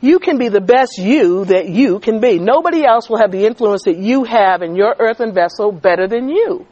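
Woman, teacher and coach, preacher cadence, animated delivery, dry close recording. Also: medium pitch, normal speed, dry recording, highs cut off. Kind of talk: testimony-style church talk.

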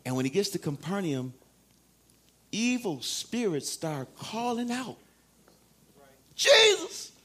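A man preaching a sermon in a church, swinging from shouts to hushed tones and acting out quoted voices. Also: high voice, sing-song, unhurried.

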